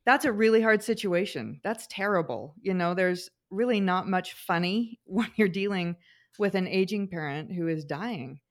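A woman's voice: mid-range voice, normal speed. A middle-aged woman co-hosting a podcast, telling family stories in a casual chat, with frequent fillers and restarts. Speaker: podcast co-host.

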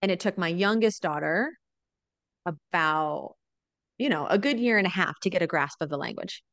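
A fairly low, creaky female voice at a moderate pace, recorded with no room sound. She's a mother of four in her thirties who lives abroad, appearing as a guest in a casual interview and telling family stories with animated flair, often tossing in "right?" to check in.

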